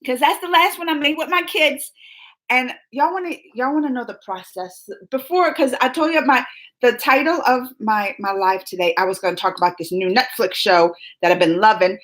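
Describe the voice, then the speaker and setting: Chatty, rambling woman streamer. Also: moderate pace. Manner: chatty and rambling, with lots of restarts and asides; animated, with pitch jumping up when excited. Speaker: livestream host. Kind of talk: casual live chat with viewers.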